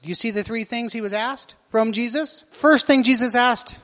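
A man's voice: extremely high pitch, moderate pace, fairly bright tone. A man preaching a sermon as pastor, asking his congregation question after question. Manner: asks the congregation rhetorical questions. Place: church hall. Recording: long reverb of a church hall.

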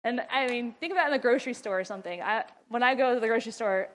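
A middle-aged woman talks through parenting advice in a loose, chatty way, breaking into laughter often. Her voice sits a little high, and she slips into a firm, scolding tone when she acts out what she tells her kids. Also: very fast. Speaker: mother and ministry wife giving parenting advice. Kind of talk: casual advice talk.

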